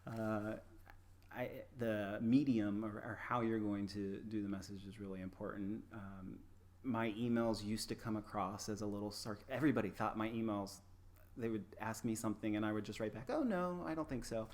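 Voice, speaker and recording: Animated man telling classroom stories. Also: lowish voice, normal speed. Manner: animated storyteller, acts out quoted exchanges. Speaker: guest, communications professor. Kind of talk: casual conversation.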